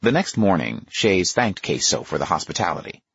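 A man with a husky voice giving a measured, expressive nonfiction audiobook narration. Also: sits low, no room sound, muffled recording.

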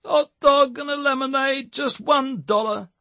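A man's voice: extremely high pitch, measured pace, bright, forceful tone, no echo, pitched above the performer's own voice, exaggerated voice. A man voicing a self-conscious young man who reluctantly calls out to passers-by to sell hot dogs. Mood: hawking. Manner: reluctant, calling out then muttering.

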